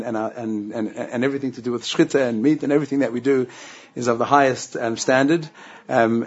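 A man's voice: mid-range voice, highs cut off. A man with a South African accent, a rabbinic administrator answering interview questions earnestly, with many "you know"s and "um"s.

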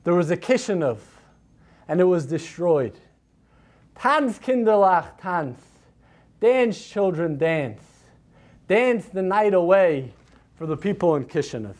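A man's voice: sits high, expressive, slow pace, long pauses, darkish tone. A man voicing a stern older rabbi who thunders with scorn in a retold story. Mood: scornful.

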